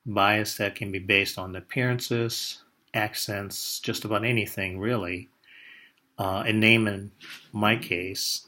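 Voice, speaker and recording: Slow, low-voiced older man telling a story. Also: fairly bright tone. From Indonesia. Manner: measured, with frequent "uh" pauses. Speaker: speaker telling a personal story. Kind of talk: personal storytelling talk.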